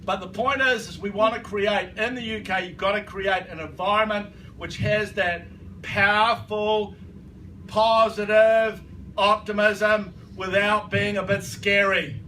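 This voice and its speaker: Emphatic high-voiced male trainer, distant. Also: steady tone, a little slow, bright, forceful tone. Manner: emphatic, repetitive, keeps checking the audience agrees. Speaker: business trainer. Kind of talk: motivational training talk. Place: training room with a live audience. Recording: distant mic, noisy room.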